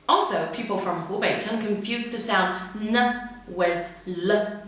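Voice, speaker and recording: A woman's voice: medium pitch, animated, a bit bright. A woman teaching English pronunciation, carefully modeling words one by one in a lesson. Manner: careful, deliberate word-by-word modeling. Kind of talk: instructional lesson with read-aloud examples. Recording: very echoey room, mic far away.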